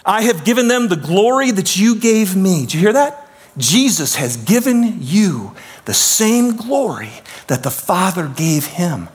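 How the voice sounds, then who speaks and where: A man preaching a sermon as pastor, swinging from shouts down to hushed, quiet lines. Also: high-pitched, big pitch swings, measured pace, breathy edge.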